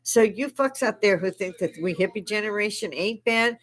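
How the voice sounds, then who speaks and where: A woman's voice: medium pitch, normal speed. An older woman delivering an angry, profane political rant, sarcastic and scornful, with bursts of mocking laughter. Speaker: livestream host.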